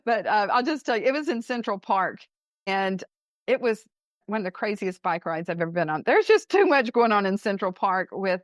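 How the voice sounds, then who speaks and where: A woman who writes about travel, a guest on a radio show, telling bike-trip stories in a lively, casual way, laughing and speeding up as she goes. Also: mid-range voice, moderate pace, no room sound, studio quality. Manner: animated storyteller, laughs and speeds up. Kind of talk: casual interview storytelling.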